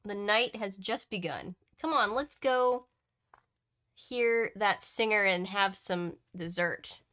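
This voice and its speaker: A woman's voice: medium pitch, takes it slowly, bright, forceful tone. A woman reading an eager, pleading young woman.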